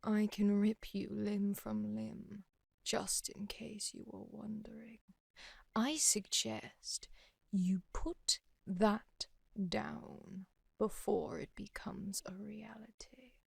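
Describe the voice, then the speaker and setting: A woman voicing a powerful female deity guardian with a British accent, calm, laid-back and quietly assured. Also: on the high side, takes it slowly, pauses often, breathy edge, dry recording, clean studio sound, full character voice. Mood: coolly threatening.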